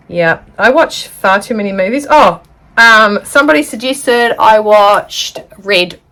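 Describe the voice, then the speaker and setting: A woman's voice: medium pitch, expressive, unhurried, pushed and bright. A middle-aged woman chatting casually through a sewing tutorial, rambling into stories and asides. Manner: chatty, rambling, full of asides and little laughs. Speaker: sewing vlogger.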